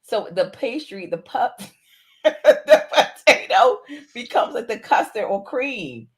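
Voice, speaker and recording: A woman's voice: on the high side, animated, takes it slowly. A woman co-hosting a casual talk show, enthusiastic and persuasive, laughing often as she talks. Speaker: co-host. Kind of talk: casual chat.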